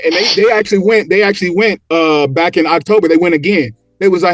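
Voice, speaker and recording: A man telling a story as a podcast guest, animated and acting out the quotes and motions as he goes. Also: high-pitched, fast, few pauses. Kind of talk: casual storytelling.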